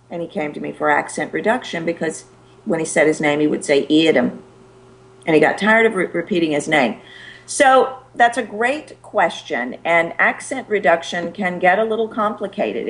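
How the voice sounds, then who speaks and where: A middle-aged woman, a presentation skills coach, giving animated and emphatic advice as a guest on a show. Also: low-pitched. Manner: animated, emphatic, demonstrates pace with her voice.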